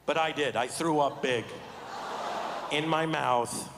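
A man doing stand-up comedy as an animated, self-mocking storyteller on a large theater stage. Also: fairly high pitch, takes it slowly. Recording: reverberant stage recording with background noise.

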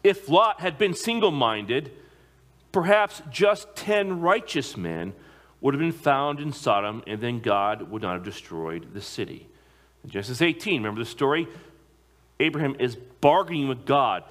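A man preaching a sermon to a congregation, emphatic, slowing down to stress key phrases. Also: mid-range voice, expressive, a bit bright. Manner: emphatic, slows down on key phrases, occasional repeated words.

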